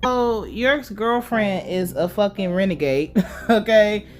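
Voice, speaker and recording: A woman giving a sassy, animated, profane recap of a TV episode with mock outrage. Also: medium pitch, slow pace, soft background music. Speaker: TV recap reviewer.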